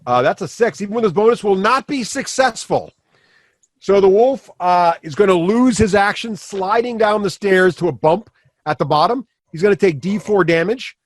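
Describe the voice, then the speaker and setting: A man narrating as dungeon master, describing the action with lively sound effects. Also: sits high, moderate pace, no echo. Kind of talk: narrating a tabletop game.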